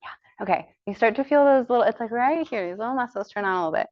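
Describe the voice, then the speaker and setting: A woman's voice: on the high side, lively intonation, fast talker, no echo, highs cut off. A woman with an American accent teaching a yoga teacher training, chatty and encouraging, demonstrating breaths and cues aloud.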